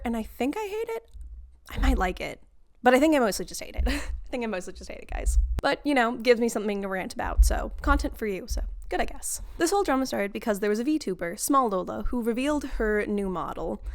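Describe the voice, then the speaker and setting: Woman, vlogger, casual rant, sarcastic, fairly high voice, laughs often. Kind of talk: casual ranting monologue.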